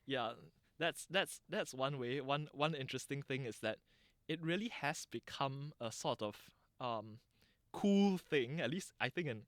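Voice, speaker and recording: A Singaporean man gives long, thoughtful interview answers in a mild lecturing tone. He restarts phrases and fills pauses as he explains. The recording is dry and close. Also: medium pitch, dry recording. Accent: Singaporean English. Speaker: interviewee, dialect channel founder.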